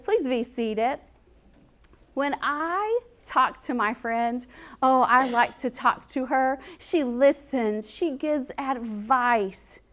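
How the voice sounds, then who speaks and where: High, slow-talking woman teacher. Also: lively intonation, fairly bright tone. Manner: sing-song, playful and encouraging. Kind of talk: recorded classroom lesson for young children.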